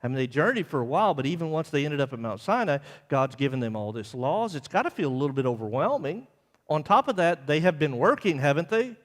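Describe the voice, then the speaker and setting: A man's voice: fairly high pitch, sing-song, quick pace. A man preaching a Bible class sermon in a conversational way, often checking in with his listeners. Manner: conversational, asks the congregation "right?" often. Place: church. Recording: church live stream with long hall reverb.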